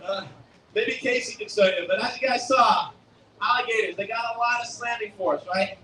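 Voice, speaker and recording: Filmed from the audience, a young man presents a live alligator show at an outdoor theme park arena, joking with and quizzing the crowd. His high-pitched voice is pushed and bright at a normal pace. The recording is distant and echoey with faint outdoor ambience.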